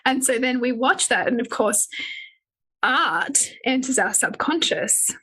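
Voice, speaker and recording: Woman, podcast host, slightly high voice, breathy, reflective, casual. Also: lively intonation, unhurried, bright, forceful tone, rough recording. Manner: reflective, thinks aloud with fillers. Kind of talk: casual conversational chat.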